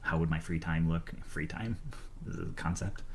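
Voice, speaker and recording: A man speaking as a YouTuber in a reflective, hesitant monologue with many pauses and ums. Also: deep voice, steady tone, slight background noise.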